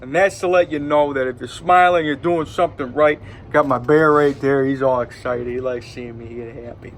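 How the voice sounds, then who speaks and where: A man's voice: medium pitch, fairly even intonation, moderate pace, slight background noise. A man with a Detroit accent rambling in a loose, hyped-up vlog monologue from home, full of fillers. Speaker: vlogger. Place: indoors at home.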